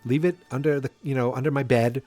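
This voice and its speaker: A man's voice: medium pitch, fairly even intonation, fast talker, dark tone, no room sound, faint music behind, natural voice. A man voicing a lazy teenage bully who whines dismissively. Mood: whiny.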